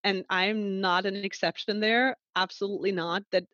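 A woman's voice: mid-range voice, steady tone, moderate pace, fairly bright tone, dry recording, dull audio. A woman from Germany who is a language teacher, talking candidly and laughing easily in a conversation. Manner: candid, laughing, self-reflective. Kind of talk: conversational interview.

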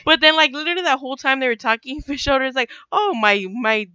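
Young woman, casual chat, bright crisp voice, a bit muffled, swears a lot and acts out quotes. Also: high-pitched, animated, a little fast, no room sound. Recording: dull lo-fi sound.

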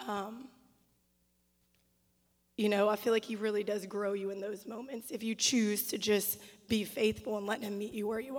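A woman giving a quiet, reflective personal testimony at a church service. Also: mid-range voice. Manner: soft, reflective, halting speech. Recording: long hall reverb.

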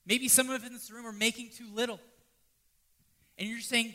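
A man preaching a sermon, swinging from loud pleading to hushed, almost whispered lines. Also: very high voice, level tone, moderate pace, long pauses. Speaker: pastor.

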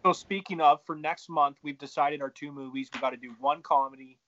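A man co-hosting a podcast in loud, excitable casual chat, with plenty of swearing. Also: fairly high pitch, fairly quick. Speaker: podcast co-host. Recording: dull lo-fi sound.

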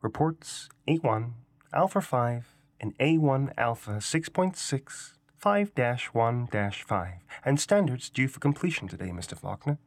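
A man's voice: mid-range voice, expressive, unhurried, few pauses, dry recording, pitched above the performer's own voice, close to an everyday voice. A man voicing a perky robotic office computer that reads out reports in a chirpy, clipped, formal way.

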